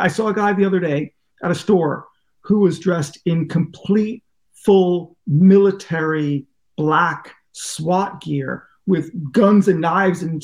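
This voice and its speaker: Gravelly and fairly high-pitched with a darkish tone, this American journalist rambles through self-deprecating stories as a podcast guest. He comes across as curious in the casual interview and acts out other people's lines.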